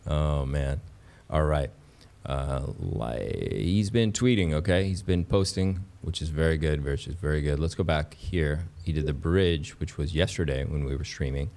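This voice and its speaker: A man with a very low voice hosts a casual livestream. He talks straight to his viewers with an excitable, repetitive way of speaking. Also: normal speed. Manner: excitable, repeats phrases, talks to chat as "pups". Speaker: livestream host. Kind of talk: casual crypto livestream chat.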